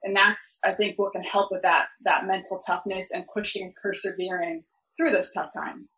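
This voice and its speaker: A woman's voice: mid-range voice, level tone, moderate pace, fairly bright tone, dull audio. A woman talking earnestly in a podcast discussion, explaining how to handle emotions in sport.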